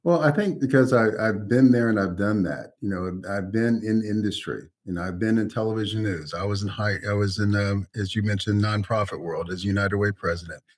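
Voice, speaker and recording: Middle-aged man as podcast guest, low voice, unhurried anecdotes, dry close recording. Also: no room sound. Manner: measured, storytelling, frequent "you know". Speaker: college president, guest. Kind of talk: podcast interview.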